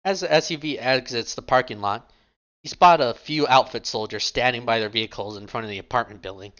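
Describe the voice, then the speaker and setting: A man's voice: mid-range voice, fairly quick, a bit bright, muffled recording. A man narrating a tabletop role-play game in a casual way, feeling lightheaded. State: lightheaded, unwell. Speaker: game master.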